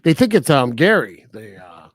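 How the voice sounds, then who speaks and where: A man co-hosting a film review podcast in casual chat, animated and laughing often as he retells scenes. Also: on the high side, moderate pace. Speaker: podcast co-host reviewing films.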